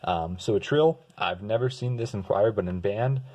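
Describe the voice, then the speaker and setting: A young man giving a casual music lesson, explaining terms in a relaxed way and singing short example notes. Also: lowish voice, moderate pace. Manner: relaxed, sings example notes and restarts words. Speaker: music tutor.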